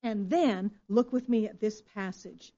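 A woman's voice: mid-range voice, unhurried, dark tone. Woman preaching emphatically, dull lo-fi sound. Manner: emphatic preaching with rhetorical questions. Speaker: pastor. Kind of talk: sermon. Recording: dull lo-fi recording.

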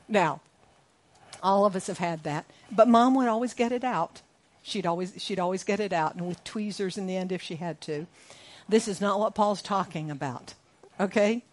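Emphatic woman pastor preaching. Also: mid-range voice. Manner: emphatic, repeats key lines, questions the congregation. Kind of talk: sermon. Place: church sanctuary.

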